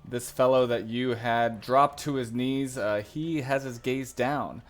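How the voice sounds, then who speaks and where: Slow-talking game master man. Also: medium pitch, fairly even intonation. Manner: slow, deliberate, uses fillers. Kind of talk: narrating a tabletop game.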